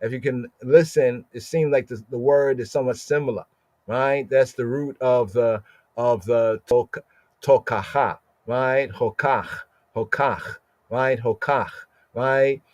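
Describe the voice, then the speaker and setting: A man teaching scripture in a podcast, explaining Hebrew words slowly and asking "right?" again and again. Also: medium pitch, fairly even intonation, darkish tone, no room sound. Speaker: Bible teacher.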